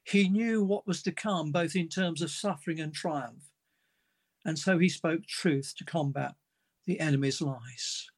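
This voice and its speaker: A man's voice: a little high, measured pace. A man preaching a sermon in an earnest manner, reading a story aloud with its dialogue.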